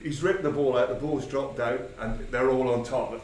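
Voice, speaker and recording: A man's voice: mid-range voice, fairly even intonation, moderate pace, darkish tone. A man over fifty, a former football manager casually telling rambling anecdotes, quoting himself and laughing along. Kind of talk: casual storytelling. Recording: roomy, distant mic, background noise.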